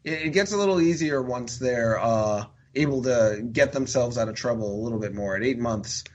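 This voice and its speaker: A man's voice: mid-range voice, moderate pace, highs cut off. A man talking as a podcast guest in a rambling, chatty way full of fillers and restarts. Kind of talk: casual podcast chat.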